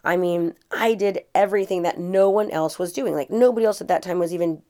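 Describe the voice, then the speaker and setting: A woman's voice: lowish voice, a little fast, warm tone. A middle-aged woman hosting a podcast, telling her own story in a chatty, earnest way with frequent fillers and restarts. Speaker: podcast host and real estate coach. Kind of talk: casual podcast monologue.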